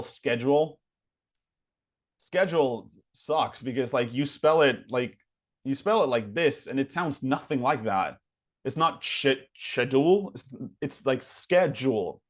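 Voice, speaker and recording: Chatty man teaching pronunciation. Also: medium pitch. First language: Spanish. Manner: chatty, many fillers, slows down to model words. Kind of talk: casual webinar teaching.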